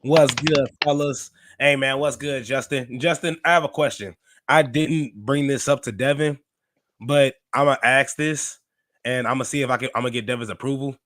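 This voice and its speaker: A man hosting a live podcast with a voice that is wearing out and a little hoarse. He talks in a loose, joking, slangy way, full of quick restarts. The sound is close and dry, with no room around it. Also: mid-range voice, steady tone, a bit bright, no echo. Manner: laid-back, joking, slangy, stumbling restarts. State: losing his voice. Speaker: podcast host. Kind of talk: casual live podcast chat.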